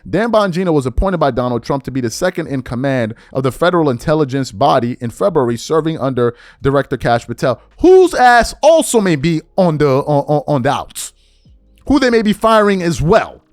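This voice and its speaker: Animated man in a dry political rant. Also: on the high side, a little fast, no echo. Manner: animated, incredulous, rhetorical questions. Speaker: political commentary host. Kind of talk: political commentary monologue.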